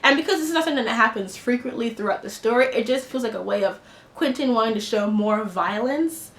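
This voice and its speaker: A woman's voice: a little high, fast talker. A woman giving an impassioned, blunt film review, talking indignantly in a casual, opinionated way. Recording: echoey room with faint noise.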